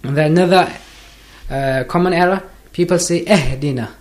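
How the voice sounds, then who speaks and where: A man's voice: sits high, a little mellow. Patient man teaching Quran recitation. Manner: patient, correcting common errors and drawing out the recited words slowly. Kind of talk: one-on-one pronunciation lesson. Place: recorded lesson for listeners.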